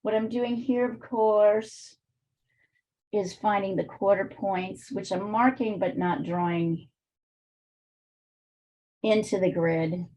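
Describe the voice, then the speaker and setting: A woman's voice: medium pitch, fairly even intonation, slow, pauses often, warm tone. A woman art teacher with a weak, strained voice, chatting and thinking aloud while she demonstrates drawing in a live online class, with plenty of fillers.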